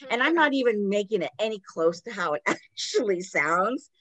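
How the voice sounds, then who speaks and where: A woman's voice: medium pitch, normal speed. A woman hosting a podcast with a sore throat, telling a spooky story casually and animatedly with lots of "like". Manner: animated retelling with fillers like "like".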